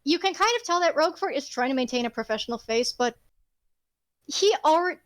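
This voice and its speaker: A woman's voice: sits high, expressive, brisk, a bit bright, no echo. A woman narrating a tabletop game as the game master. She rambles expressively and swears casually.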